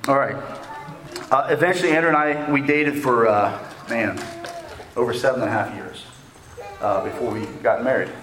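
A man's voice: medium pitch, fairly even intonation, moderate pace, pauses often, fairly bright tone, slight background noise. A man in his forties giving a sermon as a guest preacher, telling a personal story in a folksy, joking way and often asking "okay?". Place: church sanctuary. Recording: echoey church room.

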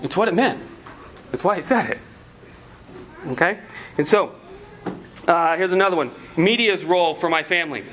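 A man's voice: high voice, lively intonation, normal speed, long pauses, a bit bright, slight background noise. A man preaching a sermon as pastor, asking the congregation earnest rhetorical questions.

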